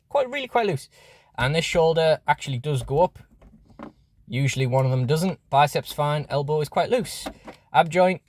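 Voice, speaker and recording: A man's voice: medium pitch, no room sound. Guy doing a chatty toy review, lots of likes and restarts, mid voice, super dry sound. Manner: chatty, rambling, frequent fillers and restarts. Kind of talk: casual unboxing review.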